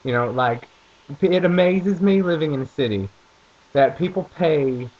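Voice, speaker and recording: A man's voice: fairly high pitch, expressive, moderate pace. Rambling young man with a Southern lilt. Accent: mild Southern US. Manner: rambling, joking, a bit crude. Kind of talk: casual vlog monologue. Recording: dull lo-fi recording.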